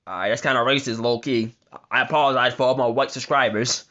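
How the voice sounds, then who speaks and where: A man's voice: mid-range voice, steady tone, moderate pace, bright, forceful tone, muffled recording. A man doing reaction commentary on a news article, ranting with heavy profanity and stumbling over his reading. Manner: stumbles while reading aloud. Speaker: commentary vlogger.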